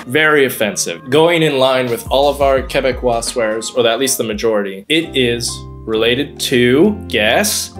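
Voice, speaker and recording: Male comic host, English native speaker, playful and mock-dramatic, mid-pitched voice, faint music underneath. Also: measured pace, few pauses, fairly bright tone. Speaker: YouTube host. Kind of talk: comedic explainer.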